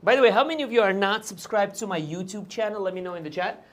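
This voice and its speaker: A man's voice: high voice, quick pace, a bit bright. Chatty man explaining taxes live. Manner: conversational, checks in with "right?" and "okay?"; hedges on details. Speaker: host and tax advisor.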